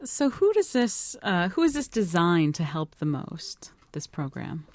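A woman's voice: fairly low pitch, sing-song, a little slow, a little hiss or hum. A woman interviewer asking curious, conversational questions. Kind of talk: radio interview.

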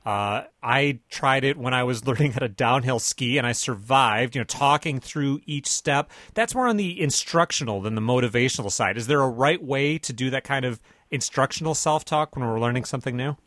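A man's voice: medium pitch, animated, normal speed, hardly any pauses, a bit bright, dry recording, clean studio sound. A man hosting a radio interview, asking questions in a friendly, chuckling way. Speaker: radio host.

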